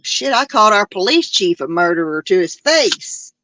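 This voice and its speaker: A woman's voice: medium pitch, big pitch swings, normal speed, sharp tone, no echo. A woman, hosting a podcast in a casual chat that rambles and halts with many fillers and restarts. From Arkansas. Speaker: podcast host.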